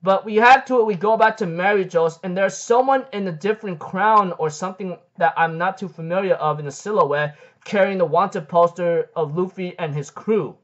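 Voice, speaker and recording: A man with a fairly high voice recaps a manga chapter in a casual, meandering way. He keeps stumbling into "like, um" and tosses in "freaking" for emphasis. The recording is dull and lo-fi. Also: normal speed, fairly bright tone. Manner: rambling, heavy on "like, um" fillers and "freaking".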